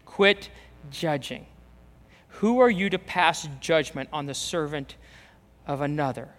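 A male pastor delivers an emphatic sermon at normal speed, his voice fairly high and expressive. He repeats phrases and performs the voices of those he quotes, with long echo from a reverberant hall.

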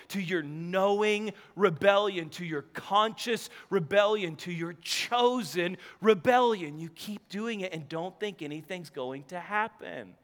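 A man in his thirties preaching a sermon, telling stories with quick laughing asides and restarts. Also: sits high, in a large hall. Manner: animated storytelling, self-interrupting, laughing asides. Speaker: pastor.

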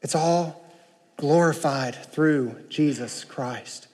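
A man preaching a sermon, emphatic, moving between slow, low passages and raised, urgent ones. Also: a little mellow, long reverb tail.

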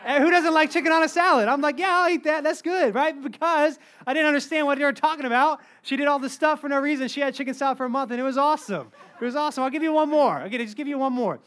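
A man in his thirties preaching a sermon, telling funny stories in an animated, joking way. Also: very high voice, very fast, hardly any pauses. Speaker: pastor.

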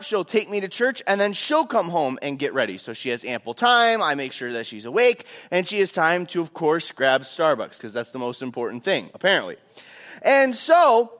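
A young man, a pastor, telling a lively personal story in a sermon and acting out what was said. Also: high-pitched. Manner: animated, acts out quotes.

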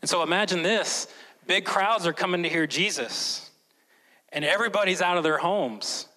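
A man preaching a sermon as a pastor, swinging between loud, emphatic lines and hushed, slow ones. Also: high-pitched, rough recording. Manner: slows down and whispers for emphasis.

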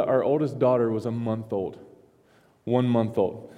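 A man's voice: mid-range voice, fairly even intonation, slow, dark tone. Man preaching in a reverberant hall. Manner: rambling with many restarts and chuckles. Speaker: pastor. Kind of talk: sermon storytelling. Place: church sanctuary.

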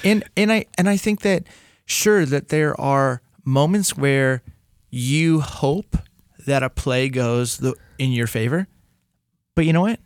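A man in casual podcast chat about faith and sports fandom, lively and repeating words as he thinks aloud. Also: medium pitch, takes it slowly, no echo, studio quality.

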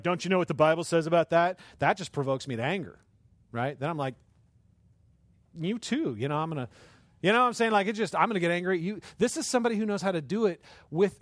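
A man's voice: fairly high pitch, no echo. A male pastor preaching in a conversational storytelling way, often checking in with the listeners and acting out the voices in his stories. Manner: storytelling, tag questions, acts out voices. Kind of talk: conversational sermon.

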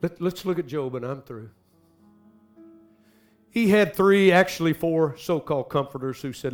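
A man preaching a sermon, swinging dramatically from hushed, slow phrases to loud bursts. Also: mid-range voice. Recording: faint music behind.

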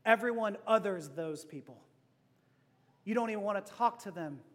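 A man preaching a sermon, playful and joking, dropping from loud to hushed and back. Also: high-pitched, animated, normal speed, long reverb tail. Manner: playful, laughing asides, swings from loud to hushed. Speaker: pastor.

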